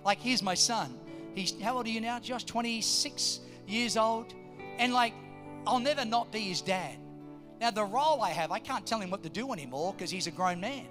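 A man, preaching a sermon, telling family stories and then building to loud exhortations. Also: high-pitched, normal speed, music in the background. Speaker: pastor.

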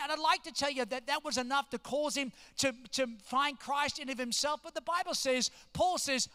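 A man in his fifties, a pastor, telling an animated sermon story and acting out the quotes. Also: very high voice, fairly quick, few pauses. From New Jersey, US. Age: 50s. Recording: long hall reverb.

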